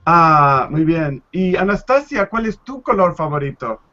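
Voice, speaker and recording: A male Spanish teacher leading a live online class, speaking slowly and patiently, repeating words to model pronunciation. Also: fairly high pitch, animated, bright, forceful tone, muffled recording. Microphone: video call.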